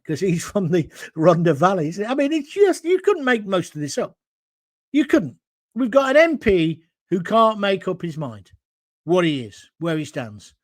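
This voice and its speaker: Reading viewer comments alone at home, a middle-aged man from England hosts his live-stream with blunt, combative ranting and the odd joke on the side. His voice is high-pitched, recorded dry at studio quality.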